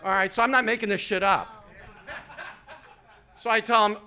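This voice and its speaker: A man's voice: high-pitched, fairly even intonation, moderate pace, pushed and bright. A man in his fifties doing a stand-up comedy set on a club stage, rambling and conversational, with crude asides. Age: 50s.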